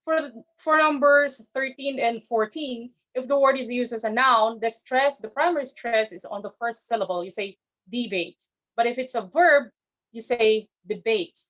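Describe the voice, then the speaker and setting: A woman's voice: fairly high pitch, normal speed, a bit bright. Give me a woman on a dull video call, careful and teacherly as she explains grammar. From Philippines. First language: not English. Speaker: grammarian at an online club meeting. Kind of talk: speech-club language evaluation.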